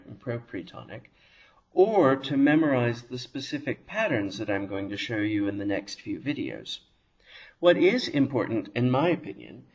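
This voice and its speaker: A man teaching a Hebrew grammar lesson, explaining slowly and carefully and pronouncing words deliberately. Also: mid-range voice. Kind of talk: scripted lesson narration.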